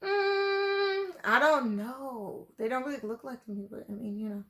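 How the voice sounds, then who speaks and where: A woman with a slightly high voice talks through her reaction to a TV episode. She rambles loosely, leaning on "like" and "you know" as she thinks aloud in casual commentary. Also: normal speed, a bit bright. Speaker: video reactor.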